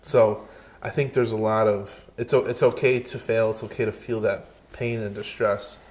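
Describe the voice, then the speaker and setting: Low, even-toned man speaking reflectively. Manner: reflective and measured, with frequent restarts. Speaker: podcast co-host. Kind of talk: casual podcast conversation.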